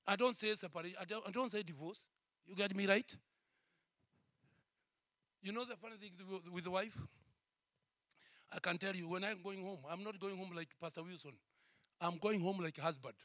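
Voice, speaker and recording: A man, a pastor, preaching a sermon that moves from quiet storytelling to shouted exhortation, repeating phrases and calling out to his congregation. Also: high-pitched, moderate pace, pauses often, dry recording, clean studio sound. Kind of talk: preaching a sermon with a personal testimony.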